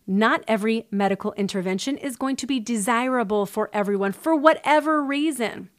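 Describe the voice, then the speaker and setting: A woman's voice: a little high, a little fast. A woman giving opinion commentary in a sarcastic, indignant way.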